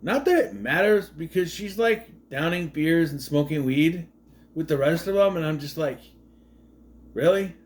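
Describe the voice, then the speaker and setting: Brief: man, casual movie recap host, rambling and sardonic, slightly high pitch. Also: lively intonation, moderate pace. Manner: rambling, with frequent fillers and restarts; sardonic, questioning asides.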